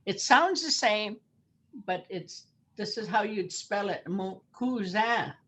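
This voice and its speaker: Slow, patient older woman teaching. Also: mid-range voice, lively intonation, fairly bright tone, slightly rough. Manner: slow, patient, repeats words for learners. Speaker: language teacher. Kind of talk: language lesson over a video call. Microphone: video call.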